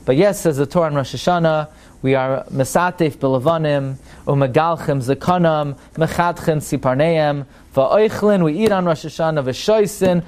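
A man giving a lively religious lecture, posing rhetorical questions and growing animated as he builds his points. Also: normal speed. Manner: animated, rhetorical questions, rises in pitch when excited. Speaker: Torah teacher.

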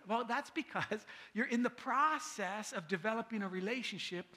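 Man, pastor, conversational sermon, high voice, bright tone, frequent tag questions. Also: normal speed. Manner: casual, asks "right?" often, acts out quotes.

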